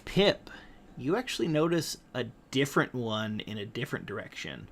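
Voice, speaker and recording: A man's voice: mid-range voice, sing-song, normal speed, a bit bright, a little hiss or hum. A man narrating a tabletop game as game master, hesitant, with frequent ums and uhs.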